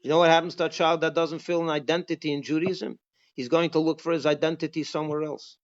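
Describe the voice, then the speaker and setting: A high-voiced rabbi teaches a Passover class quickly and emphatically, with little pitch movement, repeatedly posing rhetorical questions to his listeners. The recording is dull and lo-fi.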